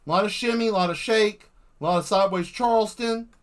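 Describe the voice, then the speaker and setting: A man hosting a live art stream, rambling and joking with lots of swearing while he paints. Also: sits high. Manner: profane, animated, jokey, acts out quick voices.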